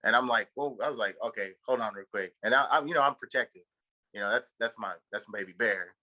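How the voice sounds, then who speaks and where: A man's voice: fairly low pitch, fast, pushed and bright, low-quality recording. A man from Texas co-hosting a podcast, telling a long story in a rambling way, full of fillers and swearing. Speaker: podcast co-host. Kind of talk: casual chat.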